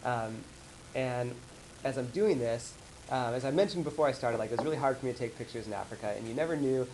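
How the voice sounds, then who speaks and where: A man giving a casual slideshow talk to colleagues, rambling and animated as he tells stories. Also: medium pitch, quick pace, slight background noise, low-quality recording. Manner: rambling, animated storytelling with acted-out quotes. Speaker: presenter. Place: office meeting room.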